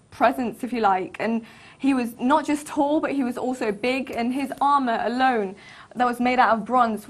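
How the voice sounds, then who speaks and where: A woman co-hosting a casual Bible discussion, laughing often between her phrases. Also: a little high. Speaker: co-host.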